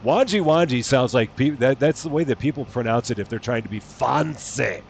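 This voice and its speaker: A man's voice: medium pitch, expressive, fast, a little mellow, a little hiss or hum. A man casually chatting while streaming a farming game, playful and given to wondering aloud. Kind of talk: casual live gameplay commentary.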